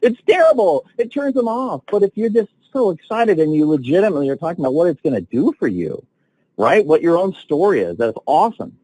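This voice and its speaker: A man coaching salespeople on a training call, telling stories with excitement and lively swings in his voice. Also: on the high side, a little fast, dry recording, rough recording. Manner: enthusiastic, animated storytelling with big swings.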